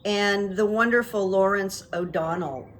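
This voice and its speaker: Middle-aged woman host, solo news-commentary monologue, opinionated and chatty, mid-pitched. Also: a little slow, slight background noise. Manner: chatty, opinionated, with asides and fillers. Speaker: host of a psychic commentary channel. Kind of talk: casual political commentary monologue.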